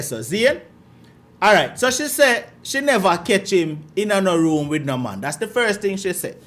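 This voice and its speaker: High-voiced Jamaican male show host. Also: moderate pace. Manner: animated, repetitive, patois-heavy. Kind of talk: live call-in show commentary.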